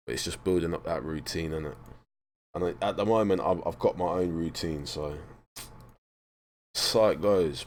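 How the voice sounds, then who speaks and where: A man's voice: sits low, slight background noise. A young man hosting a live stream, chatting casually, full of slang and swearing. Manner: slangy, swears a lot, laughs often, rambling.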